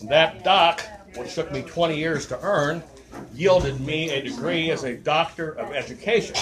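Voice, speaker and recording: A man performs stand-up at an outdoor barbecue, rambling between jokes and laughing at his own lines. His voice sits a little high. A busy crowd murmurs all around him. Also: unhurried. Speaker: comedian and impressionist. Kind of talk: live stand-up with impressions.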